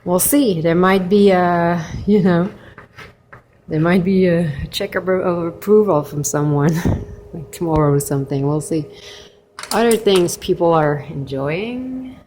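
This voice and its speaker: Woman vlogger, rambling casual chat with laughs, low-ish voice, unhurried, faint room hiss behind, sick. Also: dark tone. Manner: chatty, rambling, amused asides with laughs. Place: hostel kitchen and common room.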